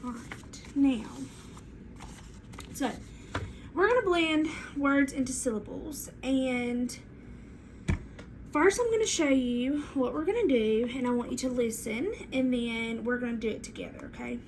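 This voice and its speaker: Slow, high-voiced woman teaching. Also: slight background noise. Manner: slow, clear, sing-song teacher talk to young children. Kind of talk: read-aloud and classroom lesson.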